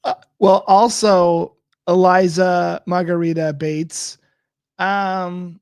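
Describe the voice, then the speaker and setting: A man's voice: high voice, steady tone, takes it slowly, smooth, no echo, studio quality. A man co-hosting a casual political chat podcast, chatty and wry. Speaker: podcast co-host.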